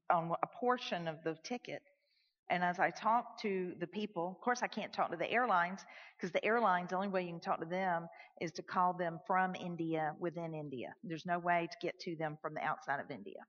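A woman telling a personal story in a sermon, animated and swinging from loud to hushed. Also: on the low side, a little fast. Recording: echoey hall, dull lo-fi sound.

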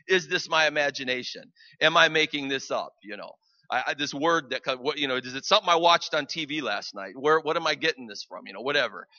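Male preacher, very bright and forceful tone, dry dull lo-fi sound, chatty testimony-style sermon with amens. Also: a little high, dry recording. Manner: conversational, calls for amens.

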